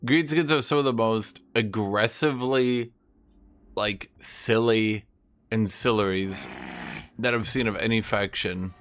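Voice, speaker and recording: A man's voice: on the low side, a little slow, fairly bright tone. A man giving casual gameplay commentary as a streamer, rambling and chatting to his cat between remarks. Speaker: gaming streamer.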